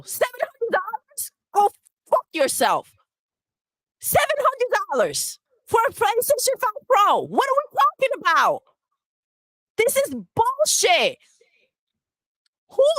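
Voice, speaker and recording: A woman's voice: extremely high pitch, fairly bright tone, no echo. A woman delivering a profane, scornful rant full of swearing. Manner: scornful, swearing, mocks with put-on voices. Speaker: livestream segment voice.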